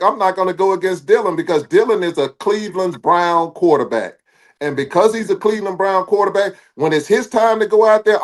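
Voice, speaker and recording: A man with a high voice talks sports in a loose, animated way. He preaches and jokes as he makes his points, like a co-host riffing on a casual talk show.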